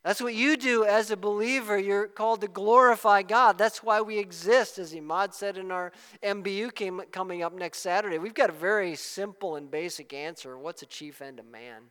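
A man preaching a sermon as pastor, swinging from soft asides to loud, emphatic exclamations. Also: sits high, moderate pace, few pauses, smooth, big-room sound.

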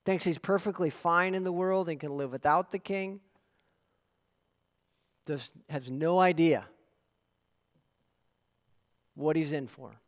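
A pastor with a high voice preaches a sermon earnestly and emphatically, telling stories to his congregation at an unhurried pace with frequent pauses. Long hall reverb fills the recording.

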